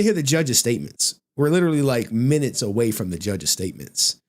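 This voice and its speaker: A man's voice: mid-range voice, very animated, brisk. A man with a mid-range voice hosts a reaction commentary, reading a document aloud line by line. He keeps stopping to mock it, exasperated and sarcastic, swearing and laughing at the wording. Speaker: commentary channel host.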